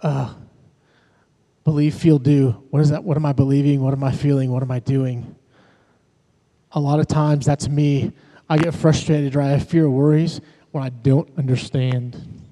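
A man's voice: medium pitch, flat delivery, normal speed, mellow. A man, a pastor and worship leader, preaching a sermon in a conversational way, telling personal stories to his congregation. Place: church sanctuary. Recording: long reverb of a large hall.

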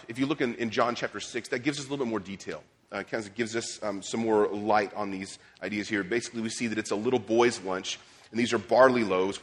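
A man's voice: on the low side, a bit bright, husky. A man preaching a sermon as pastor, conversational, with restarts and casual asides. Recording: long hall reverb.

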